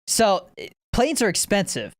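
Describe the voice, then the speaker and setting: A man's voice: high voice, wildly swooping pitch, normal speed, dry recording. A young man co-hosting a podcast, rambling through game stories in casual chat and laughing at them. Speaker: podcast co-host.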